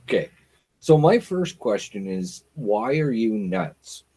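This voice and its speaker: A man's voice: on the low side, big pitch swings, warm tone, husky. A man hosting a casual interview, asking questions with dry jokes. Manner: slow, joking questions. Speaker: host.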